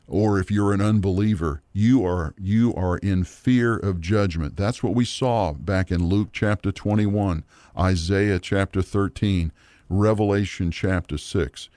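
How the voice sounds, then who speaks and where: A middle-aged man teaching a Bible lesson from a worksheet, earnest and measured, often pausing on fillers and restarts. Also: low-pitched, warm tone, dry recording. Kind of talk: teaching sermon.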